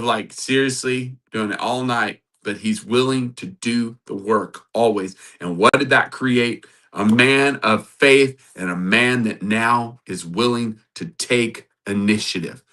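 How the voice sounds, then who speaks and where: Guy preaching a bible lesson, bright voice, keeps repeating stuff for punch. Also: mid-range voice. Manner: builds to emphatic repetition; reads scripture aloud. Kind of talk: sermon-style Bible teaching.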